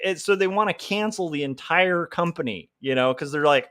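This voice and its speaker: A man's voice: fairly high pitch, a little fast, hardly any pauses, fairly bright tone. A man ranting on a casual livestream, heated and rambling, with many filler words. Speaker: comic artist livestreamer.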